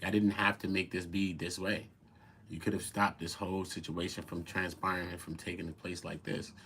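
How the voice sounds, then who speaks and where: A man hosting a casual commentary show, talking in an animated, profane and incredulous way. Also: deep voice, moderate pace, a little hiss or hum. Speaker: commentary host.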